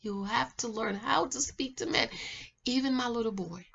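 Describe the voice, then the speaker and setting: Bright-voiced woman giving dating advice, sisterly chatty vibe, kinda muffled home recording. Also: moderate pace, creaky, husky. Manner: chatty, sisterly, drops to a soft low voice to demonstrate. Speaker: relationship mentor, channel host. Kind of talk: casual chat to camera.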